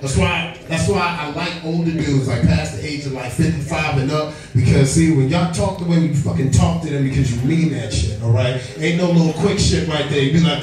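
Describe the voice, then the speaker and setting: A man's voice: on the high side, a little fast, hardly any pauses. A man doing a profane, brash stand-up comedy set, bantering with the audience in a comedy club. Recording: echoey club room, distant mic, crowd. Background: audience laughter.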